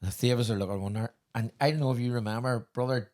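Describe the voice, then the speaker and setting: A man with a Northern Irish accent telling swearing, animated stories in a casual podcast chat. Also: medium pitch, rapid-fire. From Northern Ireland. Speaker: podcast host.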